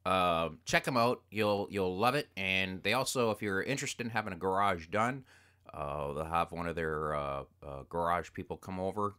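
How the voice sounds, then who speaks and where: Profane, rambling man with a bright voice. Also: deep voice. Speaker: podcast co-host. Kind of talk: casual podcast chat.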